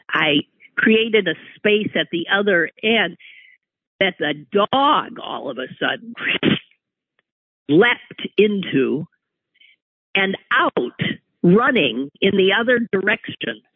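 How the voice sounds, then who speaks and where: A man telling a personal anecdote in an animated, exclaiming way, breaking off and restarting mid-sentence. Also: sits high, slow, long pauses, breathy edge, no echo. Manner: animated, exclaiming, self-interrupting. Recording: tinny phone-like line, dry.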